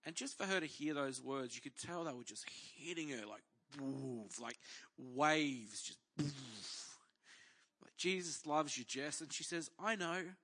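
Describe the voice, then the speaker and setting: A man's voice: mid-range voice, expressive, a little slow, fairly bright tone. A middle-aged man, a pastor telling a story in a sermon and acting out the voices of the people in it.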